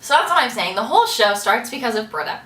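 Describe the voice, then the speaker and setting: Brief: argumentative young woman, bright sharp voice, picked up from across the room. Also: fairly high pitch, sing-song, distant mic. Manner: quick, argumentative. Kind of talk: casual chat. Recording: roomy sound from a camera across the room.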